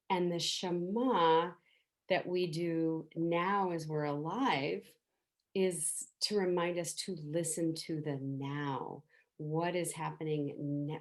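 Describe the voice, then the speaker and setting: A middle-aged woman gives a gentle meditation teaching in a low voice. She talks slowly and softly and invites listeners to voice the sounds along with her.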